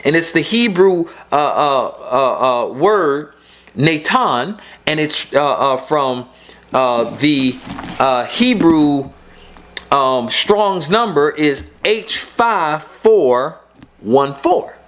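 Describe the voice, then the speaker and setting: A man's voice: fairly high pitch, expressive, drawn-out words, fairly bright tone. A middle-aged man preaching a sermon, emphatic and repeating his key points for the congregation.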